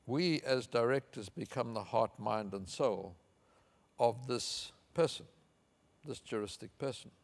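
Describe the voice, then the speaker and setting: An older man from Africa, giving a measured, anecdotal conference speech with fillers. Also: medium pitch, gravelly. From South Africa. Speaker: keynote speaker.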